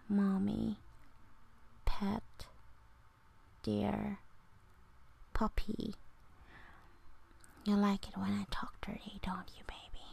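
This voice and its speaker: A woman in a whispered role-play who drags out each short phrase very slowly. Her whisper is airy and husky, with a gravelly fry underneath. Every word comes softly and deliberately. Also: medium pitch. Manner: soft breathy whisper, slow deliberate phrases.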